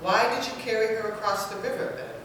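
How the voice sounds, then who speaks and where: Frau spielt einen gereizten, unruhigen Mönch, vorwurfsvoll, mit starkem Raumhall. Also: female voice, on the high side, fast, lightly acted. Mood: reproachful. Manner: accusing questions. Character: irritated, fidgety male monk. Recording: echoey hall, far from mic, noisy.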